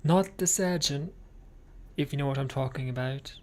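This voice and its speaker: Sleepy and worn out after surgery, a man chats casually with his viewers in a medium-pitched voice at normal speed. He drifts and rambles, often sinking into a whisper, and keeps calling everyone "darling."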